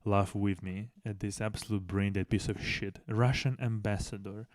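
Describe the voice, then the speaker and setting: A man's voice: lowish voice, fairly even intonation, moderate pace, no room sound, studio quality. A man hosting a news commentary channel in casual, blunt style, swearing heavily and restarting sentences, speaking English as a second language. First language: not English.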